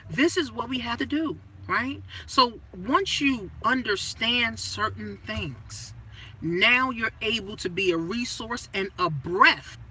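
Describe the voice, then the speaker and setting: In a rough-quality recording with a little hiss or hum, a slightly high-voiced woman delivers a money coach's profane, no-nonsense pep talk. She fires off rhetorical questions in punchy, emphatic bursts that go from loud to hushed.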